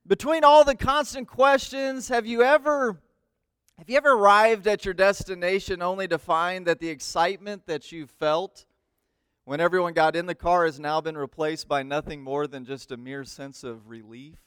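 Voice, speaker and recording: A man in his thirties, a missionary preacher telling a lively story in a sermon and acting out the voices in it. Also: sits high, moderate pace, clear, resonant tone, no room sound. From United States. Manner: animated, acts out voices in his stories.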